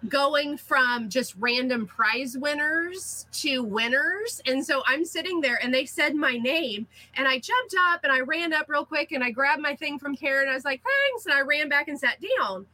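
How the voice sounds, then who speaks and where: A middle-aged woman recounts her anecdotes in a relaxed, chatty way, laughing often. Her voice is bright and a touch husky, and she sits a little above the usual pitch for a woman. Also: dry recording, rough recording. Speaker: guest, cookie artist. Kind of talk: casual interview storytelling.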